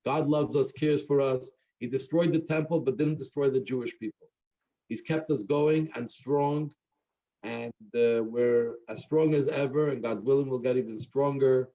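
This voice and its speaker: An earnest rabbi closes an evening talk with a halting, filler-filled telling of a story. His voice is dark and mellow. The recording sounds dull and muffled. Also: mid-range voice, steady tone. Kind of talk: closing remarks and a told joke at a talk.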